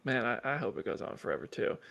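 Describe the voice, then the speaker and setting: A man's voice: mid-range voice, big pitch swings, quick pace, creaky, a bit bright, no room sound. Enthusiastic rambling male host. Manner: enthusiastic and rambling, apologetic about his jokes. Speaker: show host. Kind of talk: casual interview chat.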